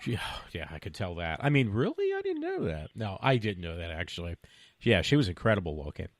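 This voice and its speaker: A fairly low-voiced man swings his pitch up and down as he chats, hesitating and filling gaps with "um". The sound is close and dry, with no room echo. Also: wildly swooping pitch, a little fast. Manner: hesitant, trailing off with fillers. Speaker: guest. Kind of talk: casual chat.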